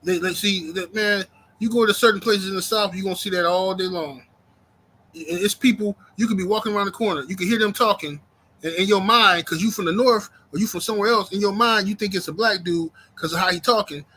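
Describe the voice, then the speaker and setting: A man in rants on his livestream, circling back over his points and answering chat as he goes. His voice sits high and sounds bright and edgy. A faint hiss runs underneath. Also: a little fast, rough recording. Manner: ranting, repeats himself, reads chat aloud. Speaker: YouTube livestream host. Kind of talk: casual livestream rant.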